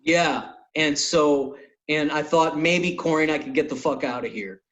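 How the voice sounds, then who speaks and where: A middle-aged man, a comedian hosting a talk show, telling a long story in a loose, animated way. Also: a little high, moderate pace, low-quality recording. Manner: animated storyteller, acts out quotes. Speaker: podcast host and comedian. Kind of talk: casual storytelling.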